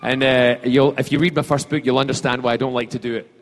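A man from Scotland, a celebrity guest fielding audience questions at a fan panel, playful and joking with halting fillers and restarts. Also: mid-range voice, level tone, noisy background. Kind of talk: casual audience Q&A.

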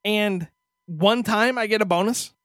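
A man's voice: high-pitched, measured pace, a bit bright, no room sound, studio quality. A man co-hosting a podcast, telling a story as a profane, exasperated rant in casual chat. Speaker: podcast co-host.

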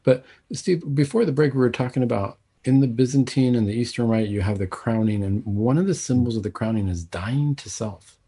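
A man's voice: medium pitch, brisk, dark tone, slightly rough. A middle-aged man hosting a casual podcast chat, playful and teasing, sometimes putting on mock bluster. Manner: playful, plays devil's advocate with mock bluster. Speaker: podcast host.

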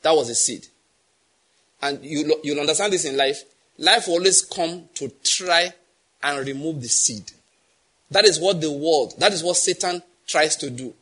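Husky high-voiced Nigerian preacher. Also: male voice, unhurried, bright, forceful tone. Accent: Nigerian English. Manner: emphatic, quizzes the congregation with repeated questions. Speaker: pastor. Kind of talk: sermon.

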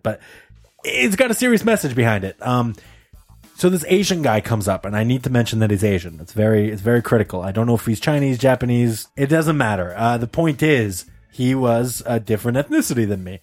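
A young man on a casual podcast, telling a story in an animated way and laughing often. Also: a little fast, soft background music. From Canada. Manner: animated storyteller, jumps high for quoted voices, laughs often. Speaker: podcast co-host.

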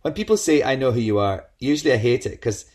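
A middle-aged man, chatting as a guest and telling lively anecdotes, often slipping into quoted voices. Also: medium pitch, fast talker. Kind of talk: casual chat.

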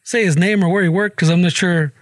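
High-voiced man chatting, dry mic. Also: fairly even intonation, fast, dry recording. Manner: profane, laughing, mixes English and Spanish. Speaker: podcast co-host. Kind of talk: casual chat.

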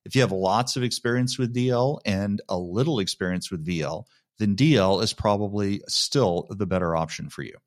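A man with an East Texas accent, a guest doctor speaking in a measured, plain-spoken way on a podcast. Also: lowish voice. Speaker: guest emergency physician. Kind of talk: casual podcast interview.

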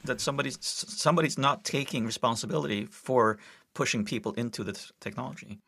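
A man from Sweden co-hosting a podcast interview, relaxed and chuckling between his remarks. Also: medium pitch, quick pace, vocal fry, slightly rough, no room sound, studio quality. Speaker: podcast co-host.

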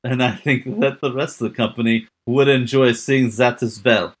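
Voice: medium pitch, fairly even intonation, normal speed, slightly rough. A player in an improvised tabletop role-play game who jokes in a dry, bantering way.

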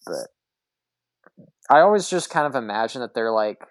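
A man chatting casually on a podcast, animated and profane, often laughing as he talks. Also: mid-range voice, moderate pace, no room sound. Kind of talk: casual chat.

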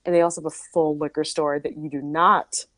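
A woman's voice: sits low, little pitch movement, a little fast, fairly bright tone, no room sound. A woman host from Minnesota chatting casually, telling a story with lots of asides and "like". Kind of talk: casual chat.

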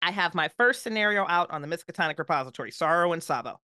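Expressive woman guest, dry sound. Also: lowish voice, fast, clear, resonant tone, no room sound. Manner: emphatic, expressive, playful asides. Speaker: podcast guest. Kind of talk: animated storytelling chat.

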